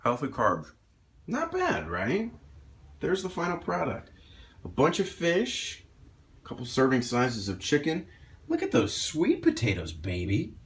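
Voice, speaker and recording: A man's voice: fairly high pitch, wildly swooping pitch, a little slow, poor audio. A man, a doctor, chatting casually through a cooking vlog in his home kitchen, upbeat and self-deprecating. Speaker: doctor vlogging about meal prep. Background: kitchen sizzle.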